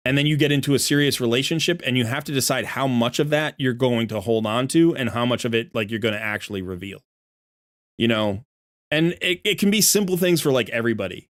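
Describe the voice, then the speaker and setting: A man's voice: medium pitch, fairly bright tone, no echo, studio quality. A middle-aged man hosting a casual live stream from his desk at home, rambling and laughing a lot as he pokes fun at himself. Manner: rambling, self-deprecating, laughs often. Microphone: desk microphone.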